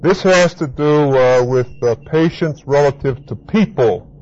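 A man's voice: medium pitch, unhurried, a little mellow. A man preaching a Bible teaching sermon, repeating key words for emphasis and spelling out Greek terms. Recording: dull lo-fi recording with faint hiss.

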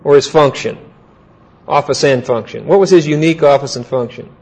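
A man teaching a Bible class, asking his students questions and repeating key points slowly. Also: on the high side, darkish tone, low-quality recording.

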